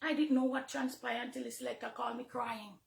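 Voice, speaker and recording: A middle-aged woman with a Jamaican accent, a minister giving an emotional, confessional testimony from the pulpit, moving between hushed and fervent. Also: fairly high pitch, steady tone, fairly quick, vocal fry, reverberant. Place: church, near the pulpit.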